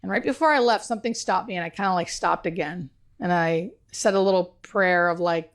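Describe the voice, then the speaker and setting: A woman's voice: on the low side, brisk. A woman being interviewed, telling an emotional personal story in an earnest, heartfelt way, with many "like" fillers. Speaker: guest.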